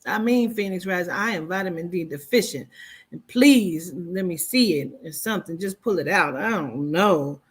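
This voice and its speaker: A woman's voice: lowish voice, expressive, moderate pace, breathy edge. A woman giving a casual astrology reading, talking to viewers in a chatty, playful, profane way. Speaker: horoscope reader.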